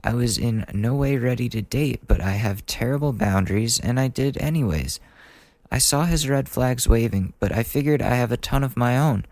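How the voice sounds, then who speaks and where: A man's voice: medium pitch, normal speed, darkish tone, dry recording. A man in his twenties hosting a casual advice podcast, reading listener letters and joking about them. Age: 20s. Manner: chatty and joking, laughs at his own lines. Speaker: podcast host.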